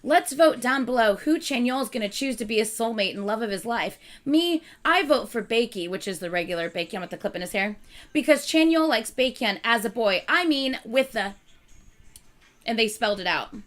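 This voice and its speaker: A woman hosting her channel, chatting casually with viewers in an animated, exasperated rant. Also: on the high side, moderate pace. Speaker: channel host.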